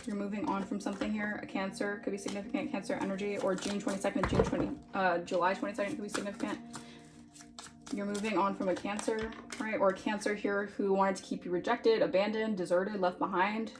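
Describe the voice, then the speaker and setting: A woman's voice: medium pitch, little pitch movement, fast. A woman giving a casual tarot reading in a chatty, informal way, often checking in with "all right?". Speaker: tarot reader.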